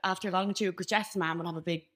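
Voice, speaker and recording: A woman's voice: lowish voice, fairly even intonation, fast talker. A young woman co-hosting a podcast, telling stories in casual chat and laughing often. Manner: laughing storyteller, banters. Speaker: podcast co-host.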